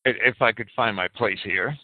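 Heard over a tinny phone line, a man with a lowish voice speaks at normal speed without any room sound. He's running a live talk-radio program from his house, reading definitions earnestly and elaborating on them.

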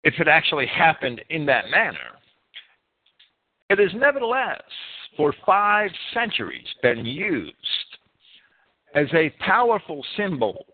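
Lively man narrating history, tinny sound. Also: a little high, unhurried, long pauses. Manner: lively, swooping emphasis with self-corrections. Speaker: history series presenter. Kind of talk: read narration of a history lesson. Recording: tinny phone-like band.

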